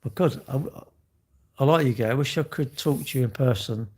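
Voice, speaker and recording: A man's voice: medium pitch, a little fast, darkish tone, slightly rough. A middle-aged man, hosting a live stream and chatting casually as he reads out viewer comments, in rambling, jokey, self-mocking banter. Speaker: livestream host.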